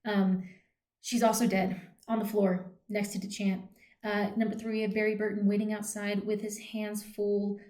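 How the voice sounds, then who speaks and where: A young woman rambles through a casual vlog in a mellow, fairly flat voice, tossing in 'um' and 'like' and the odd swear. Her voice bounces around a roomy, echoey space. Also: medium pitch, moderate pace. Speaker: vlogger.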